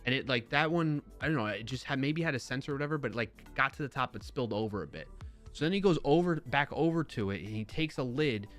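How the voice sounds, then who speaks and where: A man hosting a live stream, telling a story in a casual, rambling way with lots of fillers and self-corrections, sounding baffled and animated. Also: medium pitch, quick pace, soft background music. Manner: incredulous, animated retelling.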